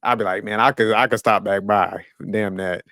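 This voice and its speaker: A man's voice: lowish voice, fairly even intonation, normal speed, pushed and bright, no echo, clean studio sound. Blunt, profane man in his forties. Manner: blunt and profane, laughing at himself. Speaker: podcast host. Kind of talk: casual chat.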